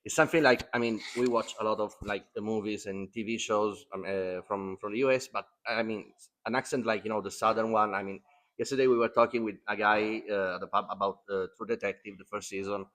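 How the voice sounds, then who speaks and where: A man with an Italian accent hosts an interview in English, speaking hesitantly and often stopping to search for words. His voice is fairly low. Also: steady tone, brisk, fairly bright tone. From Italy. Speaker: podcast host. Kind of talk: casual interview chat in English.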